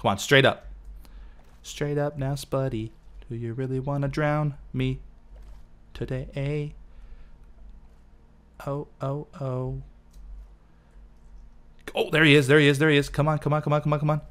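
A man's voice: medium pitch, level tone, a little slow, pauses often, a bit bright, smooth. A man casually narrating his own gameplay, talking to himself as he builds and fusses over details. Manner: chatty, talks to himself while building. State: losing his voice. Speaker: let's play host.

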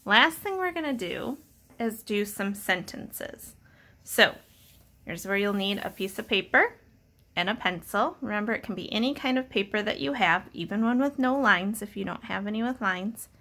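A woman teacher giving a patient, encouraging reading lesson, sounding out letters slowly for young children. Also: mid-range voice, lively intonation, bright, forceful tone. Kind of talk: slow, clear early-reading lesson.

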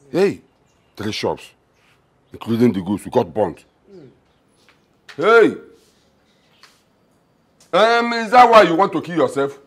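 A man's voice: on the high side, husky, heavily acted. An actor with a Nigerian accent playing a middle-aged father in a film drama who mocks and blusters. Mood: mocking. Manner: mocking, blustering. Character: scornful older father demanding his food. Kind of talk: Nollywood film acting.

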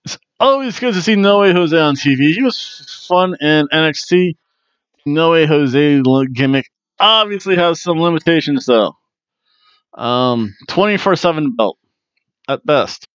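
A man's voice: a little high, animated, measured pace, a bit bright, smooth, dry recording, lo-fi sound. A man hosting a wrestling review podcast, talking casually and jokily, with plenty of fillers and restarts. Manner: rambling and jokey, with many fillers and restarts.

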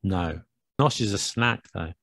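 A man's voice: low voice, measured pace, vocal fry, fairly bright tone, no echo. A British man co-hosting a podcast in casual chat, playful and teasing, with self-mocking asides. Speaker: podcast co-host.

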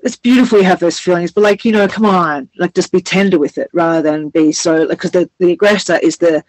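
A woman's voice: lowish voice, brisk, darkish tone, no echo, rough recording. A woman co-hosting a casual heart-to-heart chat, reflective and rambling as she searches for words. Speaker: co-host.

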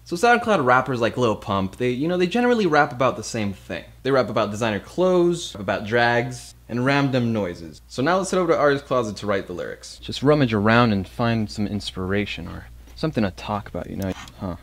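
Brief: male friend in a comedy sketch, dry low-key mumbler, pitch moves around a lot. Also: big pitch swings, a little fast. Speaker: friend and guest lyricist.

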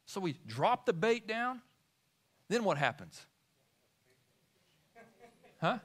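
A man's voice: high-pitched, big pitch swings, slow. A man preaching a sermon in church, asking the congregation questions as he talks. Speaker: pastor. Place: church sanctuary.

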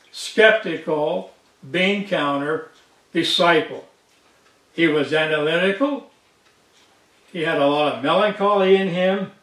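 A high-voiced male pastor delivers an emphatic sermon, slowing down and repeating his key lines for weight. His speech is unhurried and deliberate. He sounds a little distant in a roomy, echoing church. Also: fairly bright tone. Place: church sanctuary.

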